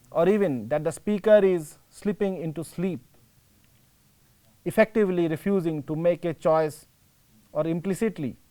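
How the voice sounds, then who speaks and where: A male teacher with an Indian English accent, giving a slow, explanatory classroom lecture and rephrasing his points. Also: on the high side, a little mellow.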